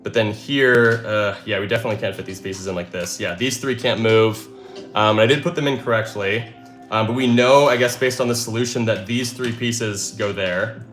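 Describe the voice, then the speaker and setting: A man's voice: fairly low pitch, fairly even intonation, normal speed, a bit bright, faint music behind. A man hosting a live stream, thinking aloud as he works through puzzles and cheering when he solves them. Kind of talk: excited live stream chatter.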